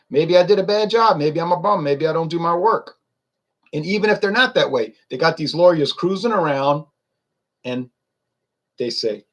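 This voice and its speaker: A man's voice: a little high, lively intonation, normal speed, a bit bright. A man ranting in a casual monologue, opinionated and rambling, full of rhetorical questions. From United States. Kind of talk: casual rant to camera.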